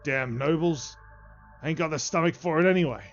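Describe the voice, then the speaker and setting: A gruff, disgraced camp cook, as a man puts him on, loud and blustering, sliding into self-pity. The voice sits high and booming. The stream audio is dull and lo-fi. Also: normal speed, soft background music, close to an everyday voice. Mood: bitter.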